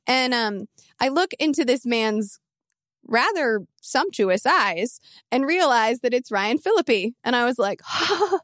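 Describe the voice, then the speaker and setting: Woman in her thirties, fantasy football podcast, animated and emphatic, slightly high voice, dry close sound. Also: no echo. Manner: animated, emphatic, quick asides. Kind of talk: casual podcast storytelling and pitch.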